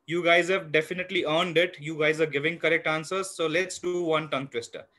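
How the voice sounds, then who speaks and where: Bright-voiced man teaching kids online. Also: a little high, fairly even intonation, fairly quick. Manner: encouraging, counts aloud, fills with "you know". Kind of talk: live online class for young kids.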